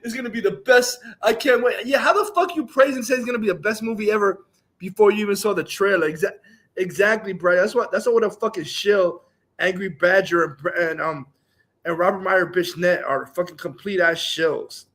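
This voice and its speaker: High bright-voiced guy ranting on a live stream, angry, swearing nonstop. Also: brisk.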